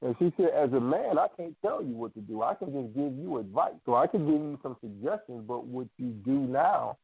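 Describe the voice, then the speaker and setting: Dude telling family stories on a call, animated, tinny phone sound, dry. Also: male voice, mid-range voice, a little fast, vocal fry, slightly rough, dry recording. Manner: animated storyteller acting out family quotes. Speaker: radio show co-host. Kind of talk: casual storytelling chat. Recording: dry phone-line audio.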